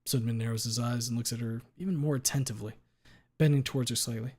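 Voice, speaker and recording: A man's voice: medium pitch, fairly even intonation, fast, darkish tone. Man casually reading a story on stream. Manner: reads steadily, owns up to slips with playful asides.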